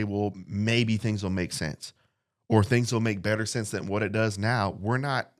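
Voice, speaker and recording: Male podcast preacher, lowish voice, earnest and repetitive teaching. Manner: repeats phrases, reflective and earnest, reads scripture slowly. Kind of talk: casual sermon. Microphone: studio mic.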